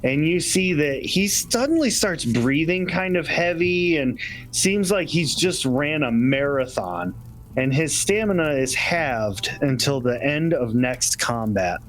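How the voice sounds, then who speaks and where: A man running a tabletop game as game master, describing events in slow, descriptive narration and chuckling now and then. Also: on the high side, animated, faint music behind.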